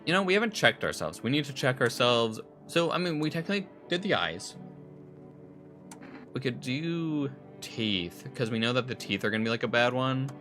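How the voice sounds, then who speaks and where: A man's voice: mid-range voice, sing-song, moderate pace, a bit bright, soft background music. A young man casually rambling and swearing while playing a horror game. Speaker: streamer. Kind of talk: casual gameplay commentary.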